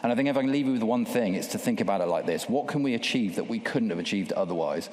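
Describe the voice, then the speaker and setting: A man's voice: on the low side, animated, quick pace, a little mellow, a little hiss or hum. A man closing his part of a workshop panel with a casual, candid talk to the audience. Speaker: panel speaker. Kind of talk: live workshop presentation. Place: event hall with audience. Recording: echoey hall with long reverb.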